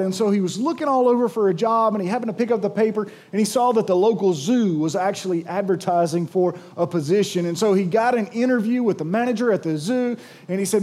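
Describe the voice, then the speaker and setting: High-voiced man preaching a sermon. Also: a little mellow. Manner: storytelling with jokes, asks congregation to respond. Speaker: pastor.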